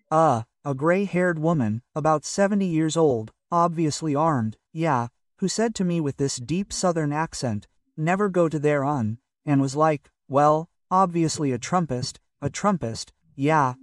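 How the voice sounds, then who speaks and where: A man's voice: on the high side, expressive, measured pace, hardly any pauses, dry recording. Older man from russia chatting in an interview, umms and "so to speak" everywhere, mic kinda far off, dry sound. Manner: hesitant and rambling, full of fillers like "so to speak" and "well". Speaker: magazine editor and publisher, interview guest. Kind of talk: casual conversational interview.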